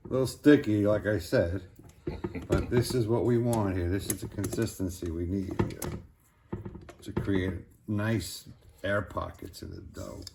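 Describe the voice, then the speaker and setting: A middle-aged man with a Brooklyn accent, hosting a casual cooking demonstration in a relaxed, plainspoken way. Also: lowish voice, creaky. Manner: relaxed, plainspoken, repeats "real simple". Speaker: cooking show host. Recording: noisy kitchen recording.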